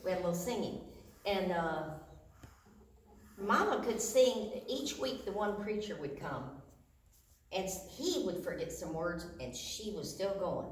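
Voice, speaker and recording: A woman's voice: on the low side, lively intonation, measured pace, pauses often. Casual woman telling funny family stories, big echo, mic far off. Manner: chatty, laughs while telling. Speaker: caregiver sharing stories. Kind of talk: casual storytelling chat. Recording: echoey room, far from mic, noisy.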